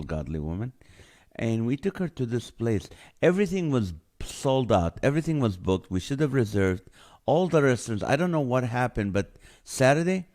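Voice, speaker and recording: A man's voice: medium pitch, a little mellow. A middle-aged man hosting a live show, greeting viewers by name and telling a funny story in a chatty way. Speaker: host. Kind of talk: casual live-stream chat.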